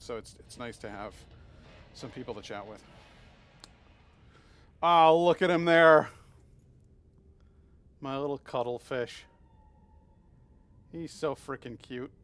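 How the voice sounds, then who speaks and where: A man live-streaming a video game, chatting playfully with viewers and cooing at the creatures on screen. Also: medium pitch. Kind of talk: casual live-stream chat while playing.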